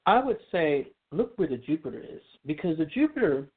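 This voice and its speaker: A man's voice: fairly high pitch, very animated, brisk, slightly rough. Man, radio guest, casual explaining, filler-heavy, phone-like sound. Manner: chatty and explanatory, many fillers. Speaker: astrology guest. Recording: tinny phone line.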